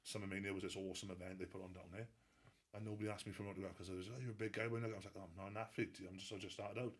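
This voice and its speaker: A man's voice: low voice, little pitch movement, rapid-fire, breathy edge. A Welsh man telling stories in a casual interview, laughing and swearing freely. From Wales. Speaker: guest strongman athlete.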